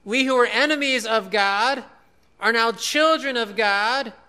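Male preacher with a high, smooth and very sharp voice, earnest and repetitive in his emphasis. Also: measured pace. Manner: earnest, repeats key phrases for emphasis. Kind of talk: sermon.

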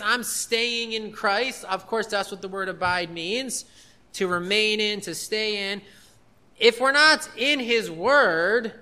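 Male pastor, high bright voice, earnest sermon delivery with emphatic repetition. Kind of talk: expository sermon.

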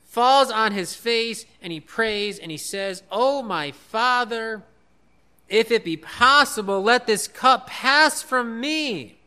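High, bright-voiced male preacher. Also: smooth. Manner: earnest, repeats key phrases for emphasis. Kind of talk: sermon.

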